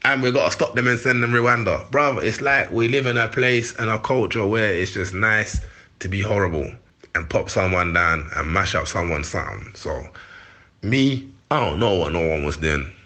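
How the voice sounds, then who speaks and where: A man's voice: on the low side, bright, forceful tone. A man in his forties with a London accent, talking heatedly in street slang as an interview guest. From London, England. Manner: heated, slangy, quick to laugh. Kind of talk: candid interview chat.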